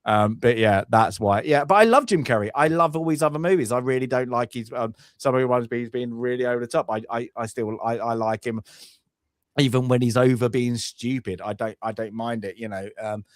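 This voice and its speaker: A man's voice: mid-range voice, brisk, dry recording, studio quality. A man co-hosting a film review podcast in casual chat, ranting with exasperation and stumbling over his words, repeating himself as he restarts sentences. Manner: exasperated, animated dislike.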